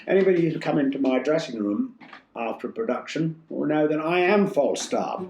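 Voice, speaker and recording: An older man from Yorkshire, a stage actor telling stories in an interview with a theatrical, animated manner. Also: a little high, brisk, slight background noise. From Yorkshire, England. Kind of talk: casual interview storytelling. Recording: roomy echo, faint music.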